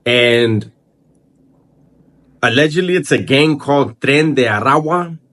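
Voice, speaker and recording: A man speaks straight to his channel's viewers in a loose, unscripted way. His voice sits at an ordinary mid pitch for a man. He often stalls, repeats a word and starts over while he works through his thoughts. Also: animated, fairly bright tone. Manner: halting, repeats words and restarts while thinking aloud. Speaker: channel host. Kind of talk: casual vlog commentary.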